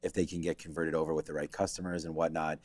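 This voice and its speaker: A man's voice: very deep voice, level tone, fast, darkish tone, no room sound. A man co-hosting a live stock market show, rambling and thinking aloud as he checks stock charts. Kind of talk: live trading commentary.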